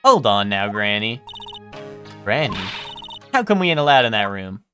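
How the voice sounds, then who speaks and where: A man's voice: fairly low pitch, big pitch swings, moderate pace, over music, voice pushed down. A man voicing a brash, nosy southern woman photographer with a folksy drawl, reading a video game's lines aloud. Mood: indignant. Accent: Southern US (put on).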